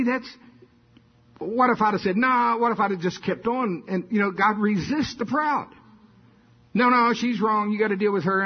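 A man's voice: high voice, breathy edge. An older man preaching a sermon in a folksy storytelling manner, building to emphatic bursts. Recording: dull lo-fi sound.

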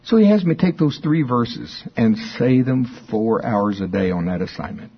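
Husky guy preaching casual, repeats himself a lot, muffled lo-fi audio. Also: mid-range voice, lively intonation, moderate pace. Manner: conversational, repetitive, chuckles often. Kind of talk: informal sermon with spoken confessions.

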